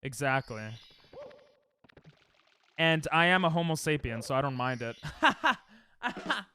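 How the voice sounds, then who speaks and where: A young man's medium-pitched voice comes through pushed and bright, with a bit of hiss or hum, at a moderate pace. He's live-streaming a game at home on a desk mic, cracking crude, sarcastic jokes for chat and snapping angrily at the game.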